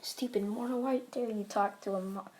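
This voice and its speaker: A woman voicing an arrogant teenage boy who thinks he is a god, speaking in a cold, quiet, condescending way. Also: mid-range voice, steady tone, moderate pace, lightly acted. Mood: smug.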